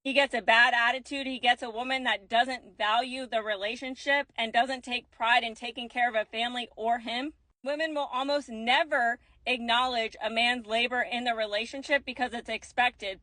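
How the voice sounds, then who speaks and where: Bright-voiced woman ranting. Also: a little high, no echo. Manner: emphatic, lecturing, sarcastic. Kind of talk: ranting monologue to camera.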